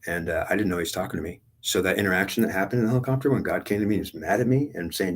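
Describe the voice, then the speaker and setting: An older man with a low, slightly rough voice talks in rapid bursts, recounting a spiritual experience of his own. His testimony rambles and circles back on itself, blunt and laced with swearing, and he relives the past event with strong feeling.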